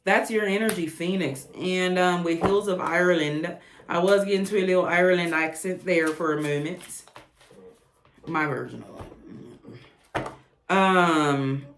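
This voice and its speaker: A woman with a fairly low voice gives a casual tarot reading, chatty and blunt, with profane asides. Her voice rings in an echoey room. A faint hiss sits underneath. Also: fairly even intonation, moderate pace. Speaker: tarot reader.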